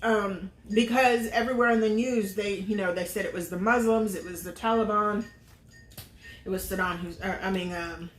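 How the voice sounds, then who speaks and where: A little hiss or hum accompanies the medium-pitched, slightly bright voice of a middle-aged vlogger. In a casual chat with roomy echo, she sincerely tells a personal story, leaning on many fillers.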